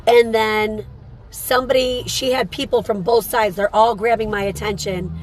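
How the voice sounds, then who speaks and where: A woman's voice: on the high side, steady tone, moderate pace, low-quality recording. A woman who works as a psychic medium and hosts a show, telling a story in a rambling, casual way and repeating phrases for emphasis.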